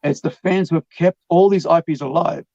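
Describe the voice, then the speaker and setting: Gravelly man chatting on a podcast. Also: a little high, normal speed, warm tone, no room sound, muffled recording. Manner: rambling, many restarts and "you know"s. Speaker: podcast host. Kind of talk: casual podcast chat.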